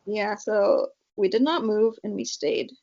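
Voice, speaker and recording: In dull, lo-fi podcast audio, a young woman from California chats as a guest in a casual interview. Her mid-range voice has a darkish tone and moves at a measured pace as she tells family stories, voicing her parents and using lots of fillers.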